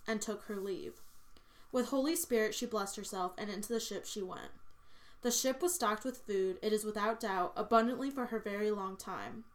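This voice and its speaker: Give me a woman narrating a medieval tale. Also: mid-range voice.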